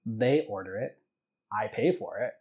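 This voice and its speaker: A man voicing a gentle older mother who asks her questions innocently, in a soft, higher voice. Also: animated, measured pace. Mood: matter-of-fact.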